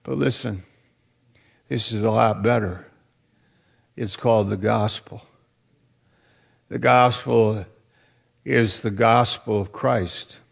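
Male pastor, deliberate slow delivery, gravelly, emphatic sermon style. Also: lowish voice, fairly even intonation. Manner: emphatic preaching, repeats phrases, bursts into shouts.

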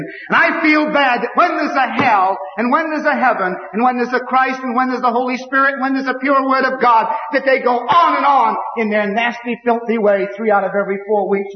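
A preacher delivers a fiery, emphatic sermon full of repetition, in a voice pitched notably high for a man. He was recorded in a large, reverberant hall. The sound is dull and lo-fi.

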